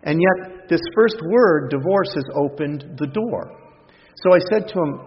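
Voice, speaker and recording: A man preaching a sermon, telling a story with lots of quoted dialogue in an animated way. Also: a little high, normal speed, husky. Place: church hall. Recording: dull lo-fi recording with long hall reverb.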